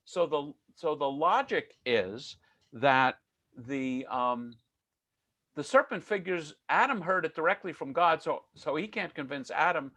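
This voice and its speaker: A man's voice: a little high, pushed and bright, no echo. A man giving an online lecture on myths, talking in a conversational, digressive way with dry jokes.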